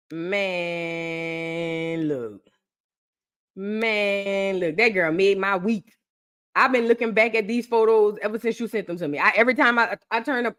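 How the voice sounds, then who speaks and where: A young woman chatting excitedly with her viewers on a live stream, repeating phrases for emphasis. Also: mid-range voice. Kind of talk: casual live-stream chat.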